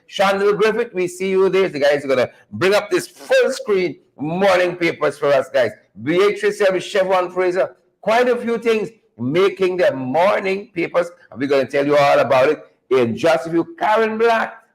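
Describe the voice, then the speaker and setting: A man's voice: a little high, low-quality recording. A man hosting a live morning show, greeting viewers by name and repeating his phrases upbeat.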